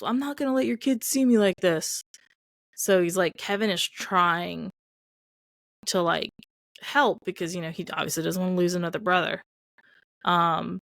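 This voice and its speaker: A woman's voice: fairly low pitch, gravelly, a bit bright, dry recording, clean studio sound. A woman co-hosting a movie podcast, retelling film scenes in casual chat full of "like" and acted-out quotes. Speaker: podcast co-host.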